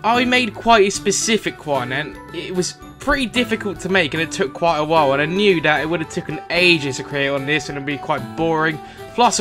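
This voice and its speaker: A young man gives chatty game commentary, mocking his character with a voice that swings wide and leaps up in pitch when something surprises him. Game music plays underneath him throughout. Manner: chatty, teasing, prone to sudden excited pitch jumps. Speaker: gaming channel host.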